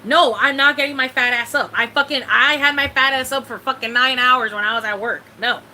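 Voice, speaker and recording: A woman's voice: sits high, steady tone, a little fast, bright, forceful tone, a little hiss or hum, rough recording. A young woman from Mexico ranting bluntly and profanely in a casual live-stream chat. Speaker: vlogger.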